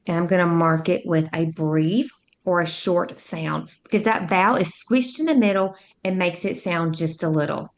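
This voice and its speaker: A woman tutor narrating a phonics lesson, speaking slowly and clearly as she sounds out words and syllables. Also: on the low side. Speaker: reading tutor.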